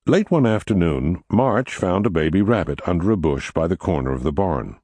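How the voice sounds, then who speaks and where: A man narrating a novel in a measured storytelling manner, recorded on a close mic. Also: breathy edge, no echo. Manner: measured storytelling with expressive pitch. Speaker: audiobook narrator. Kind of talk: scripted narration.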